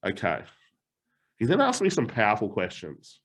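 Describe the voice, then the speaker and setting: Animated man telling stories, laughing often. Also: lowish voice, moderate pace. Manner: animated storytelling, laughs often, swears casually. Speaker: motivational coach. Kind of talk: live online challenge talk.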